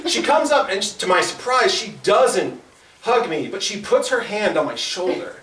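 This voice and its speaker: Recorded from across a small comedy club with no microphone, this young male comedian's open-mic set sounds distant and echoey, with a little hiss or hum. He tells a story in a high, animated voice, stammering and starting over many times. The audience laughs in the background.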